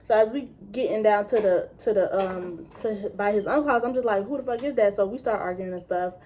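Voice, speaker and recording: A young woman talks straight to her audience in a storytime vlog, loose and profane, jumping into quick voices whenever she quotes someone. Her pitch sits in a middle range, and a faint hiss of background noise runs under the talk. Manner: casual, profane, animated retelling with quoted voices. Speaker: vlogger.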